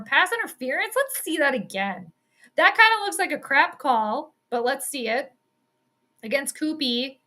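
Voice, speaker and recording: A woman giving casual, excitable live play-by-play at home. She chats, swears freely and laughs often. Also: sits high. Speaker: sports commentator and astrologer. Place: at home in the evening.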